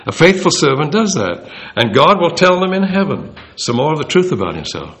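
A man giving an informal Bible talk, conversational and animated, acting out the quoted speech. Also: on the high side, fairly quick. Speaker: Bible teacher.

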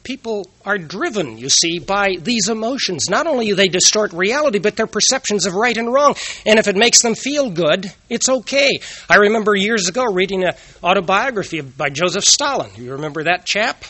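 Guy giving a moral lecture, kinda husky, bright edgy tone, dry sound. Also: high voice, lively intonation, a little fast, few pauses, no echo. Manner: earnest, asks rhetorical questions. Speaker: speaker giving a moral talk. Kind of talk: lecture with personal anecdotes.

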